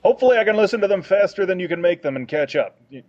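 A husky-voiced man co-hosting a casual gaming podcast, reading a fan email with enthusiasm and self-deprecating remarks. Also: sits high, animated, rapid-fire, a crowd in the background. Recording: dull lo-fi dry podcast mic.

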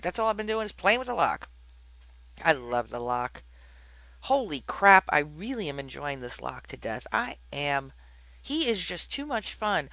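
A woman's voice: medium pitch, vocal fry, pushed and bright, no room sound, rough recording. A woman hosting a podcast, talking casually and in a rambling way about a video game, with frequent exclamations. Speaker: podcast host. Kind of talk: casual gaming podcast chat.

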